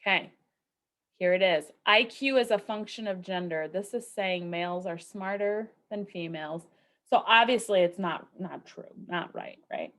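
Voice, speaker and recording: A recorded statistics lecture is delivered by a woman whose voice is medium-pitched and a bit bright. Her approach is conversational, relying on rhetorical questions and repeated check-ins like "okay" and "right."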